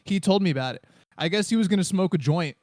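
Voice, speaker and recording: A young man co-hosting a comedy podcast, telling stories in an animated way with laughter and quick asides. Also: sits high, no echo, clean studio sound. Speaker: podcast co-host. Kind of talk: casual comedic storytelling.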